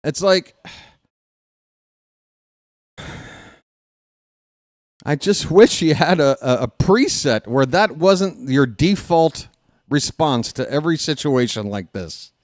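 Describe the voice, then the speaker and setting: Emotional fan calling baseball play-by-play. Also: male voice, a little high, slow pace, pauses often, no echo, clean studio sound. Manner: emotional, swings from excited calls to exasperated pleading; talks directly to a chat audience. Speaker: amateur play-by-play broadcaster. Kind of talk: live baseball play-by-play commentary.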